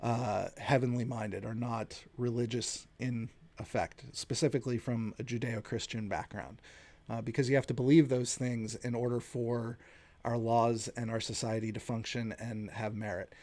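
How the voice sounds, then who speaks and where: A man's voice: mid-range voice, steady tone, moderate pace, a little mellow. A man in his late thirties from the United States hosting a solo podcast, giving his opinions in an earnest, conversational way. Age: late 30s. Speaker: podcast host.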